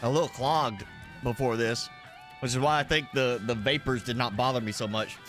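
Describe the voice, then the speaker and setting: In casual live-stream chat, a male gaming streamer rambles on while eating something spicy, coughing here and there. His mid-range voice holds a steady tone at normal speed and sounds a bit bright. There's faint music in the background.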